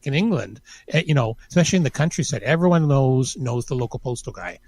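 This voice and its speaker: A man co-hosting a casual podcast, talking in a halting way with many restarts and fillers. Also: medium pitch, lively intonation, darkish tone, no room sound. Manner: hesitant, many restarts and "you know". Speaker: podcast co-host. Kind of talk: casual chat.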